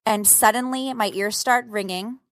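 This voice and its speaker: A woman's voice: on the high side, moderate pace, fairly bright tone, no room sound. Woman in her 30s telling a wild story, swears a lot, acts out quotes, dry close sound. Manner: dramatic, profane storytelling with acted-out quotes. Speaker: podcast co-host telling a story. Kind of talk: casual chat.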